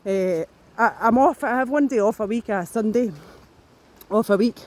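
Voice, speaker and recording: A woman's voice: on the high side, normal speed, darkish tone. A woman rambling to camera while she walks outdoors, out of breath, with plenty of restarts and swearing. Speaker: vlogger. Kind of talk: casual talk to camera.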